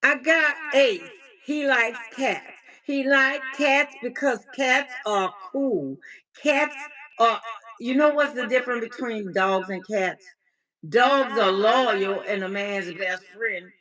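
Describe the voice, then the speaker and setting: Woman, livestream coach, unhurried, bright tone, playful, chatty, faith-tinged encouragement. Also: a little high, rough recording. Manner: playful, chatty, encouraging, reads and answers chat aloud; sprinkles faith talk and calls viewers baby. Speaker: life coach and livestream host. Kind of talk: casual livestream check-in with viewers.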